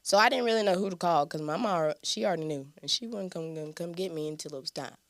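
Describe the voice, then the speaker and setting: A young woman hosting a podcast, telling a personal testimony in an animated, conversational way and often turning to her listeners. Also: on the low side, fast talker. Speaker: podcast host. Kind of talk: casual testimony storytelling.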